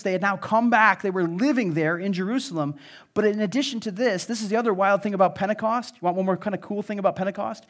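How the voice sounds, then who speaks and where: Earnest Midwestern pastor, slightly high voice. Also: male voice. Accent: Midwestern American. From American Midwest. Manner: earnest and conversational, with many fillers and restarts. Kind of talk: sermon.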